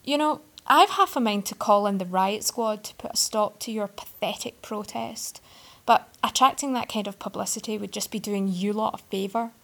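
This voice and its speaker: A woman's voice: mid-range voice, normal speed, creaky, a bit bright. A woman voicing a haughty, arrogant young male executive who delivers acid, scornful put-downs in a storybook reading.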